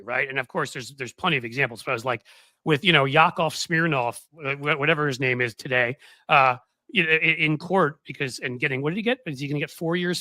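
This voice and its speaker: Man, podcast host, bright voice, sarcastic chat, dry close sound. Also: a little high, no echo. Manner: sarcastic, laughs mid-sentence.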